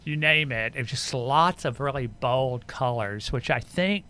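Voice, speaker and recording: A man's voice: mid-range voice, measured pace, pushed and bright. A man guest in a casual podcast chat, enthusiastic as he runs through trends. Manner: enthusiastic, lists names and trends. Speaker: fashion guest.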